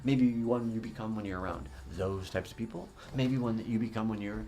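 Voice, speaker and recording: Low-voiced man riffing casually. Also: a little fast, warm tone. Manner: conversational, profane, jokey asides. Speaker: podcast host. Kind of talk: casual spoken monologue.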